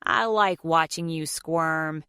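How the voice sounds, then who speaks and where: A woman narrator gives voice to a smug, cruel young man who taunts his rival in a slow, low voice. The sound is dry. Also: pushed and bright, clear, resonant tone, no echo, heavily acted. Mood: smug taunting.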